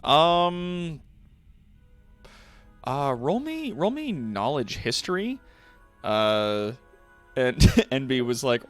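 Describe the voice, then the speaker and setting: A man narrating a tabletop game as game master, casual and quick to laugh. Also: mid-range voice, faint music behind. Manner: laughing easily, lively and casual.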